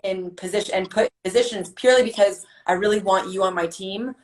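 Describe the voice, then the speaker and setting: A woman's voice: medium pitch, brisk, darkish tone, a little hiss or hum, poor audio. Friendly curious woman asking questions. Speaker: softball player and interviewer. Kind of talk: casual chat.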